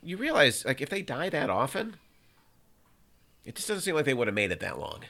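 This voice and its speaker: Lively, bright-voiced man chatting casually. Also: medium pitch, a little fast, gravelly. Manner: playful, jokey, trails off mid-sentence. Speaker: podcast co-host. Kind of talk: casual chat.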